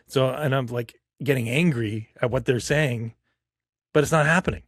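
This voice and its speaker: A man's voice: mid-range voice, moderate pace, slightly rough, no echo, studio quality. A man hosting a podcast, talking in a reflective, rambling way with many fillers. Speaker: podcast host. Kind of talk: casual chat.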